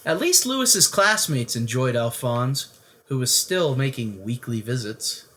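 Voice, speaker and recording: A storyteller reading a bedtime picture book aloud with an expressive delivery. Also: mid-range voice, unhurried.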